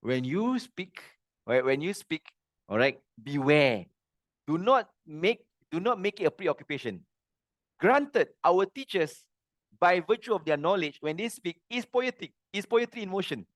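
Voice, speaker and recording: Middle-aged male religious teacher, earnest and animated, voice on the high side, dry sound. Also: unhurried, no echo. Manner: animated, earnest, plain-spoken. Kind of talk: classroom religious lesson.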